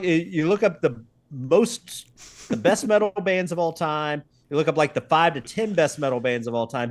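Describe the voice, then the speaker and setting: A man co-hosts a casual live stream in a slightly higher voice that swings up and down a lot. He is chatty, laughs easily and talks with animation. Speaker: co-host.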